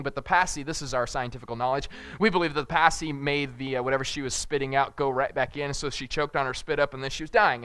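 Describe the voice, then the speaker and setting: A young man preaching a casual sermon, telling rambling, jokey family stories and loudly acting out moments of panic. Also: a little high, clear, resonant tone. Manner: jokey, rambling storyteller who shouts acted-out panic. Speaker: pastor.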